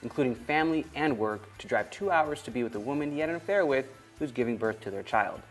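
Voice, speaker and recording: A male host in easygoing conversation, his voice at a middle pitch. He chats loosely about films and throws in quick asides. Faint music sits under some of his talk. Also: expressive. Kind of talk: casual chat.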